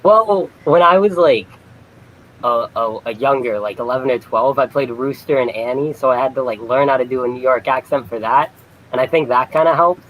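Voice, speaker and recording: A man's voice: mid-range voice, normal speed, fairly bright tone, slight background noise, poor audio. A young man, a guest on an online chat show, giving brief, modest, easygoing answers. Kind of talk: casual interview answers.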